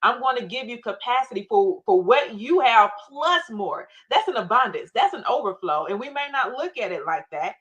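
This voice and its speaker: A woman speaking as a guest on a faith talk show, telling her story with emphatic, animated retellings. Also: a little high, normal speed, hardly any pauses, rough recording. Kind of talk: faith-based interview storytelling.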